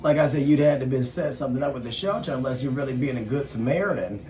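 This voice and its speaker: A man's voice: mid-range voice, fast talker, darkish tone. A young man chatting casually and joking while he eats on a vlog, with loose, laid-back talk and free swearing. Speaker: vlogger. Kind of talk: casual eating vlog chat. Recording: echoey room, faint background noise.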